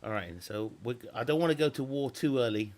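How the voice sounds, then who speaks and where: A man's voice: mid-range voice, brisk, darkish tone. A man at home, chatting casually and rambling through live-stream game commentary. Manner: rambling, chatty, restarts and self-corrects. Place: at home with family nearby.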